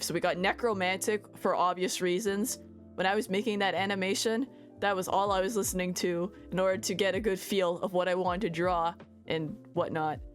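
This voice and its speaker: A woman hosting a casual vlog, chatting through her music stats and stumbling over foreign titles with self-deprecating jokes. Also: lowish voice. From Canada. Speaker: VTuber host.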